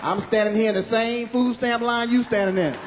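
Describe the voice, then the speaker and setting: A man performing a stand-up comedy routine on stage, animated and loud on his punchlines, acting out other people's voices. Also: very high-pitched, a little fast, slight background noise. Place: comedy club stage with live audience. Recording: live hall recording with audience.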